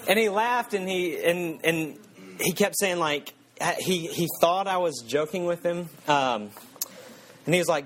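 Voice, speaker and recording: A man's voice: fairly high pitch, a little slow, slight background noise. A man, preaching a sermon and telling a self-mocking story with frequent chuckles. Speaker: pastor. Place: church.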